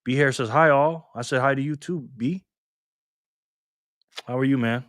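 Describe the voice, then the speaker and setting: A man's voice: mid-range voice, moderate pace, fairly bright tone, no echo, clean studio sound. Upbeat man hosting a live stream. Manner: greets chat viewers by name, upbeat and friendly. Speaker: livestream host. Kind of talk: casual live-stream chat reading comments. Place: home room in Las Vegas.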